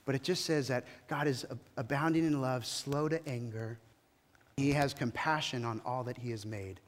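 A male pastor giving a sermon, animated, rising and falling in volume and calling on the congregation to respond. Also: medium pitch, normal speed, big-room sound.

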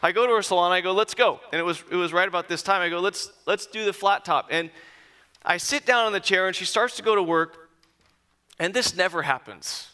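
Man, 40s, brisk bright tone, personal storyteller moving from animated to hushed and reflective. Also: high-pitched, clear, resonant tone. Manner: animated, then quiet and reflective. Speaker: speaker addressing an audience.

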